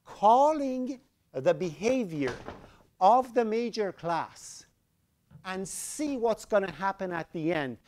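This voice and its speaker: A man's voice: high voice, lively intonation, slow pace, darkish tone, a little hiss or hum. A man with an Iranian accent lecturing a university class, explaining ideas through everyday examples and often asking whether students follow.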